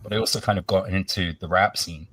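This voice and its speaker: A man who is a podcast guest, talking in a relaxed, musing way full of fillers. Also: sits low, fast, no echo, distant mic. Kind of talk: casual podcast chat.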